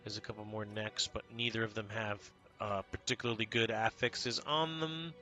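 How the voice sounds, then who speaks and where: A man's voice: fairly low pitch, normal speed, faint music behind. A man chatting casually with his viewers during a game stream, greeting them by name and swearing freely. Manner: talks to chat by name, excitable, swears casually. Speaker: live streamer. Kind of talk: casual gameplay stream chat.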